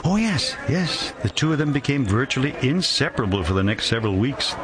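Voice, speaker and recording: A man's voice: medium pitch, very animated, brisk, music in the background, lightly acted. A middle-aged man who narrates a radio drama and plays the head of an orphanage, telling the story in a thoughtful way and chuckling fondly.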